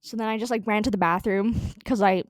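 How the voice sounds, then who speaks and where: A woman's voice: mid-range voice, fairly even intonation, brisk, dry recording. Young woman, casual storytime, rambling, lots of fillers, profane, dry close sound. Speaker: storytelling vlogger.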